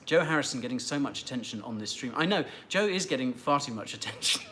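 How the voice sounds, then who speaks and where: A man's voice: mid-range voice, animated, fast talker, pushed and bright, a little hiss or hum. A man hosting a casual livestream, answering viewer questions in a rambling, chatty way and teasing regulars. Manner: chatty and rambling, with many fillers and restarts, light teasing of viewers. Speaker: livestream host.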